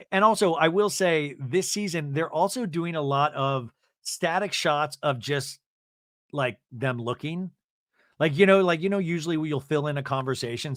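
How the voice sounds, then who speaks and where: Male host in his thirties, comic recapper, bouncy higher pitch, dry close mic. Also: dry recording. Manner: animated, mimics cast members in exaggerated voices. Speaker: podcast host recapping a reality show. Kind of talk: comedic recap with mock quotes.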